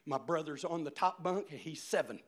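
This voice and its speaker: A male preacher giving a sermon, telling a story with shouted, animated swings. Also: on the high side, a little fast.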